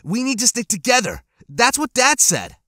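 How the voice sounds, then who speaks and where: A man voicing an anxious thirteen-year-old boy prisoner, tense and defiant, with his voice pitched up. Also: huge pitch swings, normal speed, bright, forceful tone, no room sound, clean studio sound, exaggerated voice. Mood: urgent.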